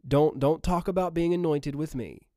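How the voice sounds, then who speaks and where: A man's voice: on the high side, normal speed, dark tone, no echo, clean studio sound, natural voice. A man voicing a scoffing hometown man who mocks with sarcasm, as a preacher acts out the crowd. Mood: sneering. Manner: mocking, sarcastic.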